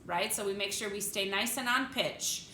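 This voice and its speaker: A woman's voice: medium pitch, normal speed, roomy sound, over loud music. A woman choir teacher giving a vocal lesson, coaching diction step by step and singing phrases for the class to copy. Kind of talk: vocal lesson with sung demonstrations.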